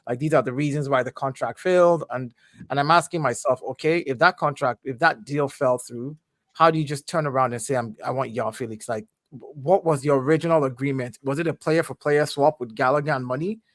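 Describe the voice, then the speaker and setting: A man's voice: mid-range voice, a little fast, fairly bright tone, dry recording. This man is a panelist with a middling voice and a close, dry sound. He questions the details aloud, stumbling and restarting as he reasons things through. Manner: questioning, puzzled, restarts often. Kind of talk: casual football discussion.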